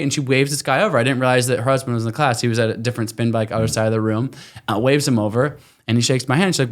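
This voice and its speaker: Brief: animated male interview guest, thirties, rambling storyteller doing little voices for others. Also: mid-range voice, racing. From United States. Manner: animated, acts out quoted voices, many fillers. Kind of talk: casual storytelling.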